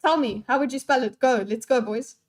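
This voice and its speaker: High-voiced, playful woman streamer. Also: fairly quick. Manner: scattered, swears freely, playful. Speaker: live streamer reading chat. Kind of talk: unscripted live-stream chat.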